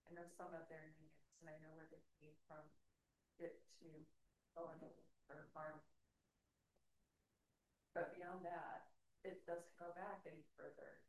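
A woman speaking reflectively and haltingly in a casual way. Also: sits low, little pitch movement. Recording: roomy with faint hiss.

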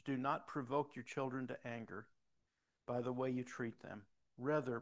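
A middle-aged man preaching a sermon, telling personal stories with many restarts and rising to emphatic calls to the congregation. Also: medium pitch. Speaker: pastor.

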